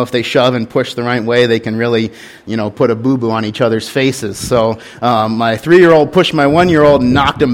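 A young man, a pastor, preaching a sermon and telling a candid story in an earnest way. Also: medium pitch.

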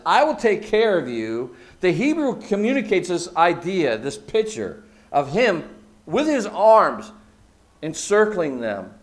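A man preaching a sermon, using emphatic repetition and dropping from loud, stressed phrases to hushed asides. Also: fairly high pitch. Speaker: pastor.

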